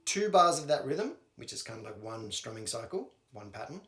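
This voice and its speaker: A man's voice: mid-range voice, sing-song, normal speed. A man teaching a guitar song step by step, counting and singing the strum rhythms aloud as he plays. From Australia. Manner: counts and sings rhythms aloud while playing. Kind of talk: instructional walkthrough. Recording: roomy sound with loud guitar playing.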